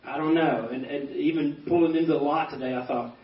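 A man in his fifties, a pastor giving a personal testimony, animated and acting out quoted dialogue as he tells stories. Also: fairly high pitch, fairly quick. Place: banquet hall. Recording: echoey hall, distant dull mic.

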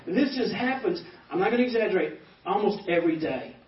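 A man in his fifties, a pastor giving a personal testimony, animated and acting out quoted dialogue as he tells stories. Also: high voice, fast talker. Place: banquet hall. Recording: echoey hall, distant dull mic.

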